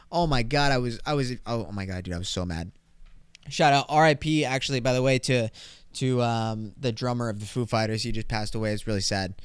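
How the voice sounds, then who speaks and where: Slangy, profane young man, smooth and dry. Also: mid-range voice, dry recording. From California. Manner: slangy, profane, animated storytelling. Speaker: podcast host. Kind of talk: casual solo podcast monologue.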